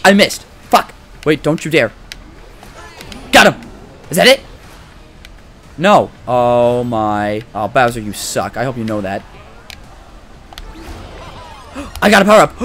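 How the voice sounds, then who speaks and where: A young man giving casual, profane let's-play commentary, excitable and trash-talking the game as he plays. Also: mid-range voice, slight background noise. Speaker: gaming commentator.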